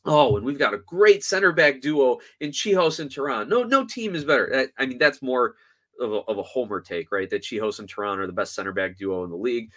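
A man's voice: mid-range voice, animated, fairly quick, fairly bright tone. A man hosting a sports podcast, ranting in a frustrated, sarcastic and emphatic way. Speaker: podcast host.

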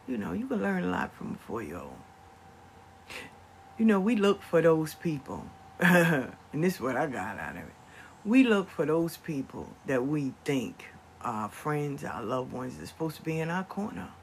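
An older grandparent telling a family story to viewers in an animated, conversational vlog monologue. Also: medium pitch, normal speed, vocal fry, slight background noise. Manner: animated, acts out family members' voices. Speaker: vlogger.

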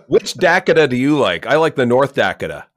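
A mid-pitched man chats casually as a podcast co-host, throwing in deadpan jokes. His intonation swings widely up and down as he talks. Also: brisk, crowd noise. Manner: deadpan wisecracks, lively intonation. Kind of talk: casual chat.

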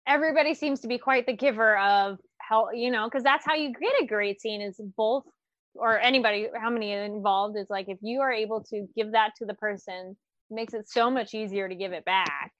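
A woman co-hosting a podcast, recapping an episode with animated, exclamatory reactions. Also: mid-range voice, fairly quick, no room sound. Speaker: podcast co-host. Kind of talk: casual recap chat. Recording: dull, dry lo-fi mic.

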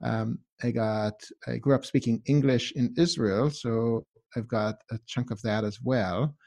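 A man's voice: medium pitch, fairly even intonation, a little slow, gravelly, mellow. Guest, male, hard-to-place mixed accent, casual home-office chat, conversational, checks in with "right?". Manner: conversational, says "right?" often.

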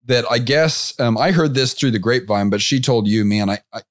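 A man's voice: medium pitch, normal speed, no echo, studio quality. Upbeat male podcast host who laughs often. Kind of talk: casual interview chat.

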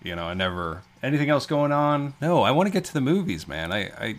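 A man's voice: mid-range voice, very animated, quick pace. A man co-hosting a casual movie podcast, asking questions and teasing his partner in easy banter. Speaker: podcast co-host. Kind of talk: casual chat.

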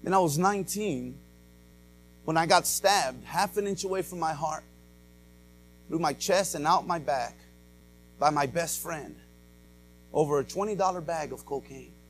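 High-voiced pastor preaching a testimony. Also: male voice, unhurried, pauses often. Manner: dramatic testimony with swings from loud to hushed; frequent "uh" and "amen" fillers. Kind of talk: sermon.

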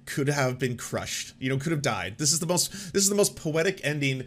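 A man's voice: on the high side, animated, moderate pace, a little hiss or hum. A man hosting an online commentary show, riffing sarcastically with profanity and frequent laughter. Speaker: host. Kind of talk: casual commentary.

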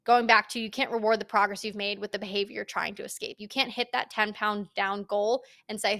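A woman's voice: medium pitch, flat delivery, brisk, gravelly, hardly any pauses, fairly bright tone. A young woman hosting a fitness podcast, speaking straight to the listener in a casual, emphatic, motivational monologue and swearing freely.

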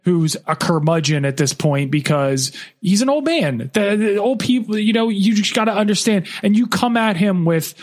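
A man's voice: high-pitched, animated, moderate pace, few pauses. A man co-hosting a podcast, talking bluntly and cursing in laid-back banter. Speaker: podcast co-host. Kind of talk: casual banter.

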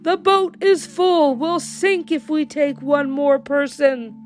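A woman voicing sailors shouting curt warnings, in a storybook reading. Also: high voice, fairly even intonation, slow, soft background music, voice pushed up.

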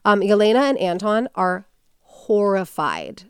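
A woman hosts a casual storytelling podcast, slipping into quoted voices and filler words as she goes. Her voice is smooth and clear, and the recording is dry and close. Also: medium pitch, unhurried, dry recording. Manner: chatty, animated, with many fillers and quoted voices. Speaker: podcast host.

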